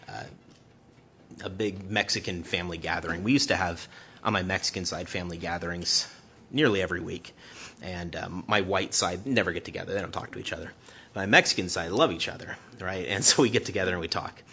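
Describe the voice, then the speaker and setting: A male preacher giving a sermon, stammering and repeating words, building to impassioned shouting. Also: low voice, muffled recording, slight background noise.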